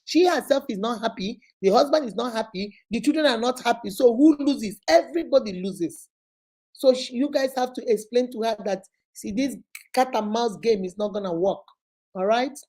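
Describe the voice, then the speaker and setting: Speaking into a phone microphone, a woman hosts a casual live stream where she gives emphatic marriage advice and greets viewers by name. Her voice is warm and fairly high, at a normal speed.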